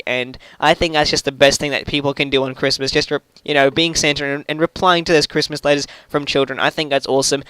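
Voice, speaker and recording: Jokey man with a smooth, fairly high voice. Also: fairly bright tone, no echo, low-quality recording. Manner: jokey, rambling, self-mocking. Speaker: YouTube host. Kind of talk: casual commentary video.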